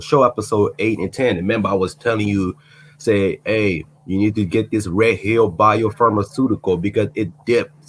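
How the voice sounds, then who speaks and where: A man's voice: on the low side, slight background noise. A man guest on a live stream, laid-back and boastful in casual chat, swearing freely.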